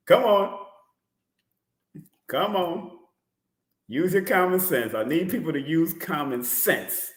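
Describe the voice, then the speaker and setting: A man's voice: a little high, animated, slow, pauses often, reverberant. A man hosting a live-stream numerology Q and A, chatty, laughing often and repeating his phrases. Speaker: numerology host.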